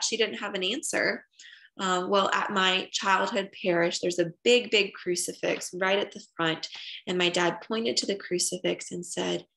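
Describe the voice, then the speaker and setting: A woman's voice: medium pitch, fairly even intonation, a little slow, gravelly, bright, forceful tone. A young woman giving an earnest catechetical talk to parents, teaching and telling stories. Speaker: parish religious education speaker.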